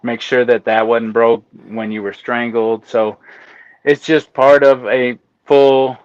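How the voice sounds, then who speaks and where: Animated man on a dull lo-fi line. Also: medium pitch, slow, clean tone, no room sound. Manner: animated, laughs while telling stories. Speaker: guest, autopsy technician. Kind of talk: casual interview storytelling. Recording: dull lo-fi sound.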